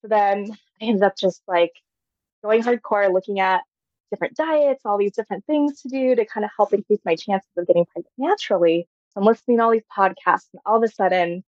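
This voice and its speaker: A woman's voice: mid-range voice, brisk, darkish tone, no room sound, muffled recording. A woman in her thirties, a podcast guest, telling her personal story in a chatty, casual way, full of "like" fillers and frequent laughs. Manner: chatty, heavy use of "like" fillers, laughs often.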